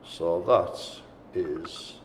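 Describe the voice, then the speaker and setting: A man's voice: low-pitched, very slow, slight background noise. A man calling a live-streamed bingo game in an indoor room with a small audience, chatty and teasing. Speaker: bingo caller. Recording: echoey room.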